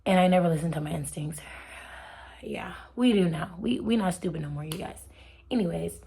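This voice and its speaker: A woman's voice: fairly low pitch, a little fast, gravelly, mellow. A young woman vlogger telling a personal faith story in a chatty, heartfelt way, often dropping to a near whisper. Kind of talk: casual faith storytelling to camera.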